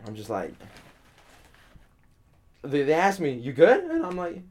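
A man's voice: fairly high pitch, wildly swooping pitch, unhurried, a little mellow. A young man casually telling a long story, rambling with repeated words, frequent swearing and laughter. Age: young adult.

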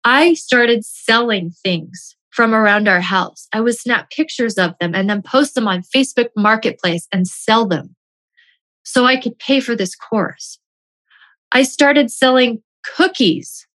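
A woman's voice: on the high side, a little slow, fairly bright tone. Woman telling a personal story emphatically. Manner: emphatic, repeats key phrases.

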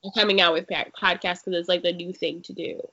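A woman's voice: on the low side, flat delivery, fairly quick, gravelly, bright, forceful tone. A young woman co-hosting a podcast in casual chat, saying "like" all the time. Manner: chatty, says "like" constantly. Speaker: podcast co-host. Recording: dull lo-fi sound.

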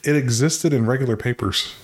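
A man's voice: medium pitch, a little fast. Dry-humored young man, casual chat. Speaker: podcast co-host.

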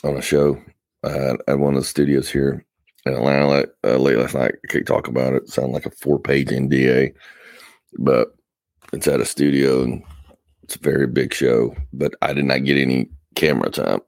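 A man's voice: rumbling low, level tone, normal speed, gravelly, a little mellow, no room sound, studio quality. A tired man hosting a casual podcast, rambling and interrupting himself with wry asides. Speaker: podcast host. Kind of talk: casual chat. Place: Atlanta area.

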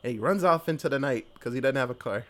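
A man's voice: mid-range voice, lively intonation, fairly bright tone. A young man casually recapping a horror movie, swearing freely, laughing often and briefly acting out the characters' lines. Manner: loose and profane, acts out characters in quick voices, laughs often. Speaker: podcast co-host recapping a movie.

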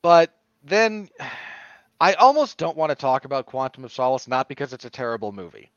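Animated, opinionated man reviewing films. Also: mid-range voice, moderate pace, no echo. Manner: animated and opinionated, with sudden emphatic jumps. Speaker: podcast co-host. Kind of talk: casual film review chat. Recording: dull, dry lo-fi podcast audio.

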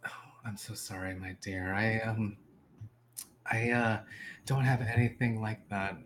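A man voicing a warm, motherly female seer who fusses over her guests and calls them dear. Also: fairly low pitch, steady tone, slow, a little hiss or hum. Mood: doting. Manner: fussing, endearing, calls people dear.

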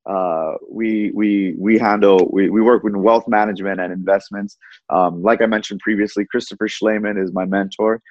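Fast-talking man telling his story, lo-fi. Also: fairly low pitch, no room sound. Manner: animated, fast, repeats words. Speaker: guest. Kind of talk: casual storytelling. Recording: dull lo-fi audio.

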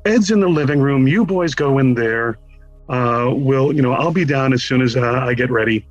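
A man's voice: medium pitch, normal speed, dull audio, soft background music, natural voice. A man voicing a polite, kind older woman who greets guests while fresh from the shower, in a sweet, breezy hostess tone.

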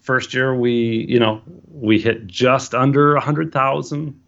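A man's voice: medium pitch, measured pace, vocal fry, dull audio, slight background noise. A man casually telling a story about his start as a wedding photographer, acting out the dialogue. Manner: animated anecdote, acting out quoted dialogue.

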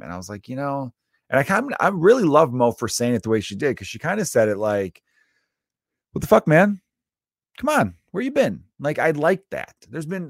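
Lowish voiced guy in his 30s, comedian just riffing, cussing a lot, lots of ums and likes, dead dry sound. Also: no echo. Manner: rambling and profane, with frequent fillers. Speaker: stand-up comedian. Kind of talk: casual solo podcast monologue.

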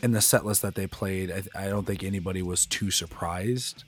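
A man's voice: sits low, steady tone, normal speed, faint music behind. A man co-hosting a podcast, chatting casually in an easygoing way. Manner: easygoing, laughs often. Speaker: podcast co-host. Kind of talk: casual chat.

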